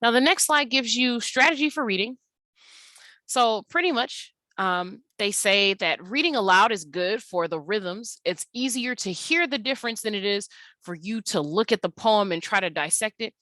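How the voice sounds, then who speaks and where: A young adult woman teacher talking through a recorded slide lesson at an unhurried pace, with many ums and uhs. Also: mid-range voice, lively intonation, sharp tone, dry recording.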